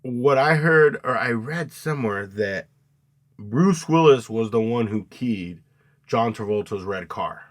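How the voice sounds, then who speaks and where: Dude recapping a movie, cussing a lot, yells out the quotes, normal mid voice. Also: male voice, mid-range voice, unhurried. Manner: animated retelling, acts out scenes with loud outbursts, swears a lot. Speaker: podcast co-host. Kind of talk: casual movie review chat.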